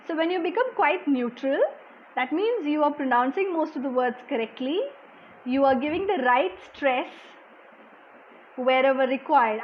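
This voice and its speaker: A soft-spoken woman from India, her voice high, leads a live online class and answers viewers one by one. She explains patiently and keeps saying "okay". The sound is dull and lo-fi with a faint hiss underneath. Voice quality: soft-spoken, low volume. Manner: explanatory, reads out viewer comments, frequent "okay". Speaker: language exam coach. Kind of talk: live-streamed lesson answering chat questions.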